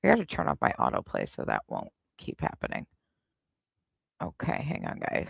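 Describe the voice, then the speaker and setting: A woman hosts a live reaction stream and comments on clips with sarcastic, snarky asides. Her voice is gravelly with plenty of fry and swings widely in pitch. The sound is close and dry, with no room behind it. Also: wildly swooping pitch, normal speed, dry recording, dull audio.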